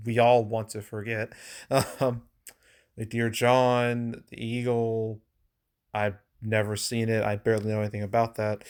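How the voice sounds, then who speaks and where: Male host, mid-pitched voice, easygoing rambling delivery with lots of "like" and the odd chuckle. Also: fairly bright tone, clean tone. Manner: rambling, filler-heavy with frequent "like"; chuckles now and then. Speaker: movie box office commentator. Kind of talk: casual solo commentary.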